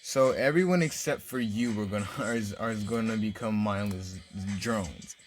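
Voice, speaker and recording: A man voicing a cocky, menacing teenage boy ninja leader who makes calm, smug threats. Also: lowish voice, moderate pace, soft background music, lightly acted. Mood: smug threatening.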